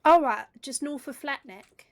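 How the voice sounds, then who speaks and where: A woman's voice: sits high, unhurried. A British woman in casual in-character roleplay chat, blunt and swearing freely. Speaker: roleplay player.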